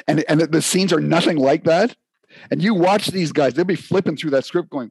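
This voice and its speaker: A man who acts, co-hosting a podcast, telling a story in a lively, joking way. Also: on the high side, normal speed, vocal fry, breathy edge, dry recording. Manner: animated storyteller, laughs often. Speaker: podcast co-host, actor. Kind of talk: casual chat.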